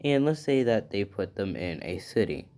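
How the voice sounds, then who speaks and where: A man's voice: on the low side, very animated, moderate pace, dark tone. A man at home casually retelling a fan story, rambling with fillers and asking "right?" along the way. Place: at home with his dog.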